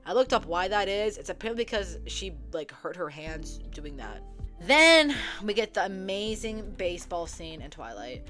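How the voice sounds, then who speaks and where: A young woman casually retelling a story to her viewers, chatty and profane, full of "like" fillers, acting out characters' lines in quick quotes. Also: mid-range voice, very animated, a bit bright. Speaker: book vlogger. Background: faint background music.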